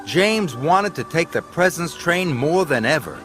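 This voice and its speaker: A man reading a children's railway story aloud as narrator. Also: fairly high pitch. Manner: slow, expressive storytelling. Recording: music underneath.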